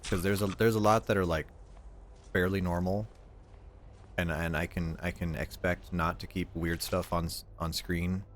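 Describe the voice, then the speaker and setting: Low-pitched and flat, this young man talks at a normal speed over slight background noise. It's a casual streaming chat where he rambles, says things more than once, and imitates family members' voices when quoting them.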